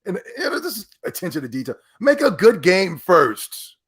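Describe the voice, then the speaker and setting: A man hosting a podcast, giving emphatic, animated commentary that repeats itself when he gets worked up and often breaks into laughter. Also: high-pitched, moderate pace, slightly rough. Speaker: podcast host. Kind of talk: ranting commentary.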